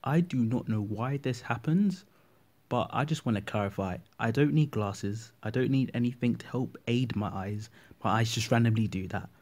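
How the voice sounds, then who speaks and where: A man's voice: mid-range voice, normal speed. An eighteen-year-old man chatting casually to camera, rambling and full of fillers. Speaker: vlogger. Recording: music playing loudly behind.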